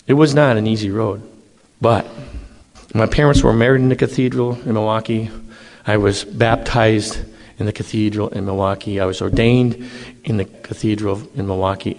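A middle-aged man, a priest telling his own story with animated emphasis. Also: lowish voice, gravelly. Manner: animated, emphatic, acts out dialogue. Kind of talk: personal testimony storytelling. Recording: long hall reverb.

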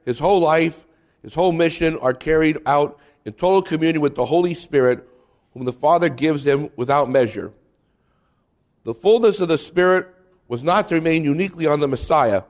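A man with a fairly high voice gives a Catholic catechism talk. He jokes and mimics people in low, quiet asides, then reads the teaching aloud more steadily. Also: a little fast. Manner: humorous, mimics bishops and kids, drops voice low for asides.

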